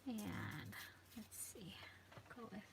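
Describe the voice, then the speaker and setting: A woman's voice: mid-range voice, extremely slow, noisy background. A woman hosting a live crafting video, chatting and thinking aloud as she works at her table.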